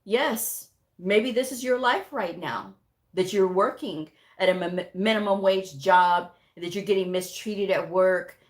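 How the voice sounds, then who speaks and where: A woman hosting a livestream as a tutor, talking bluntly with tough love and reading viewer comments aloud. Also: a little slow. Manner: blunt, tough-love, mocks with high whiny voices; reads chat comments aloud. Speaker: livestream host and medical coding tutor. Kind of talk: casual livestream talk.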